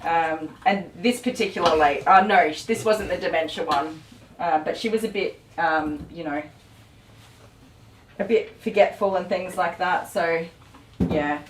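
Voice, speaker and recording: A woman's voice: fairly low pitch, measured pace, noisy background. A woman, chatting casually and telling stories while grooming on a live stream. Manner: chatty, storytelling, laughs often. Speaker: dog groomer and co-host. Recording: roomy echo from a distant mic.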